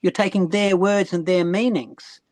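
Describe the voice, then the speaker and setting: A man voicing his loving elderly grandmother, speaking gently and slowly. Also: on the low side, fairly even intonation, no room sound, lightly acted. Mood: tender. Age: older. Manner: tender, coaxing, slow and emphatic.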